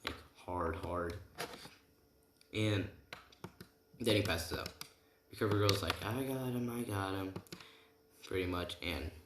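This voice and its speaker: A man's voice: sits low, steady tone, takes it slowly, long pauses. A man casually improvising a story, rambling with constant "right?" and "like" fillers. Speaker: storyteller of an anime fan scenario. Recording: roomy, noisy home recording with typing.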